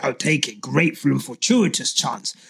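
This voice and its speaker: A woman co-hosting a casual podcast, animated and swearing freely as she rants. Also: rumbling low, moderate pace, creaky. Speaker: podcast co-host.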